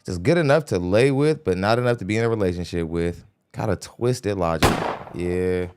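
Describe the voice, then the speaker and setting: A man's voice: sits low, normal speed, heavy background noise. A man hosting a podcast, commenting bluntly and lecturing his listeners in a casual way. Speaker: podcast host reacting to a clip. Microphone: studio microphone.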